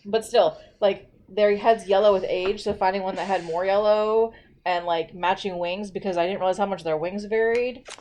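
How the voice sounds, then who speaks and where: A woman's voice: mid-range voice, steady tone, normal speed, darkish tone, slight background noise. A young woman chatting casually in a teasing, playful way, laughing a lot. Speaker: babysitter and co-host. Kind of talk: casual chat.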